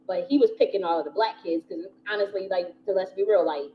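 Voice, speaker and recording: A fast-talking, medium-pitched woman from the United States, a spiritual teacher who hosts a channel, shares a meandering personal story. Expect lots of laughter, free swearing and many "you know" fillers, with a slightly dull sound and faint hiss in the background.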